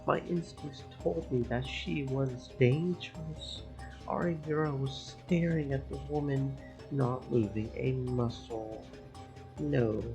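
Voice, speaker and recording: A man streaming a game, reading its story text aloud in slow, measured narration. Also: mid-range voice, creaky, rough recording.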